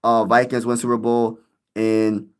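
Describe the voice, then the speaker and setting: A man's voice: medium pitch, flat delivery, a little slow, clear, resonant tone. Hyped young man chatting on a live stream. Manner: hyped, rambling, laughs a lot, slangy. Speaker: sports YouTuber live-streaming, answering chat. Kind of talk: casual live-stream chat.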